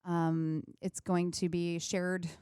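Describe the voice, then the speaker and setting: A woman's voice: on the low side, little pitch movement, slow, mellow, clear, resonant tone, no echo, clean studio sound. A woman co-hosting a pop culture talk show, upbeat and chatty, laughing often as she tells the news. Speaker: podcast co-host. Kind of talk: casual chat.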